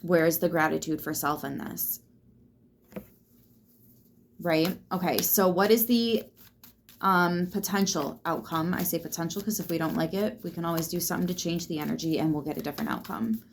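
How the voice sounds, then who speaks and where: A woman's voice: low voice, moderate pace, creaky, a little hiss or hum. A woman giving a casual tarot reading, chatty and reassuring, swearing freely as she talks straight to the viewer. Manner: loose and chatty, swears freely, lots of fillers; reassuring, speaks straight to the listener. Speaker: tarot reader.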